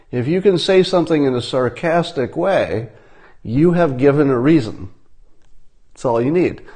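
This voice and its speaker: A man giving a deadpan satirical monologue, mock-instructional and ironic in tone. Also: mid-range voice. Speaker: commentator.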